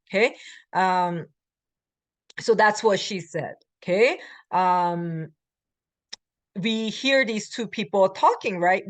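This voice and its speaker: A woman with an American English accent giving a recorded grammar lecture as a language instructor. She reads short example sentences quickly, then explains them slowly with many fillers. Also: mid-range voice, animated, no echo.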